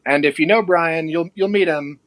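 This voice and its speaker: A young man speaks in a slightly high voice, close to a dry microphone. His story runs loose and chatty, and he jumps into the voices of the people he quotes. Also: moderate pace, no echo. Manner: animated, acts out quoted people. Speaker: podcast guest. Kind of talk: casual storytelling.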